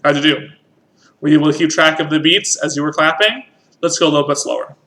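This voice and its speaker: A man's voice: a little high, fast, pushed and bright. A man teaching a music lesson, patiently explaining rhythm and counting in. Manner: patient, counts in and sings along.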